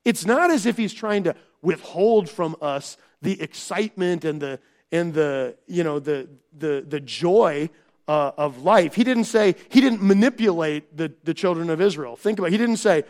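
High-voiced preaching man. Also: lively intonation, normal speed, a little mellow. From Minnesota. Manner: conversational preaching with frequent restarts and rhetorical questions. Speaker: pastor. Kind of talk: sermon.

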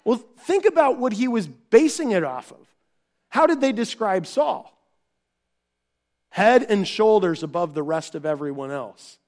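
A man preaching a conversational sermon, asking his listeners rhetorical questions and acting out quoted voices with big swings in pitch and volume. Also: very animated, measured pace, darkish tone. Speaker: pastor.

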